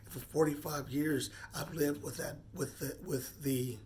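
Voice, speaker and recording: A man in his forties speaking off the cuff in a personal monologue, earnest and halting, often repeating words as he gathers his thoughts. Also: on the high side, fairly even intonation, a little mellow, a little hiss or hum. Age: 40s. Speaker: vlogger.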